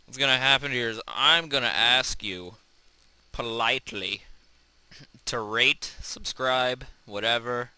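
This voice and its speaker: A young man hosting a casual let's-play, goofing around and yelling in panic when his character crashes. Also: medium pitch, unhurried, few pauses, clear, resonant tone, no echo, low-quality recording. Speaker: gaming channel host.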